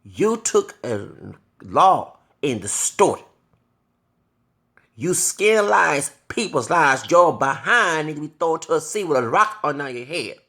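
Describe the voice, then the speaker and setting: A man's voice: a little high, very animated, takes it slowly, a bit bright. A man in his thirties delivering a heated, profane rant to camera, breaking off now and then to apologize for his cursing. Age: 30s. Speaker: vlogger. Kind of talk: angry monologue to camera.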